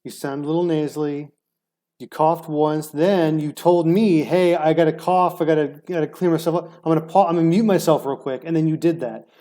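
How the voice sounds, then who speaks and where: A man co-hosting a podcast, bickering in casual chat, animated and teasing, stumbling over quick restarts. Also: a little high. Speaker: podcast co-host.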